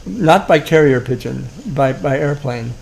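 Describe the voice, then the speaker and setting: A man's voice: medium pitch, a little slow, vocal fry. A man rambling through a chat, chuckling as he reads off stories. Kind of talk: casual chat.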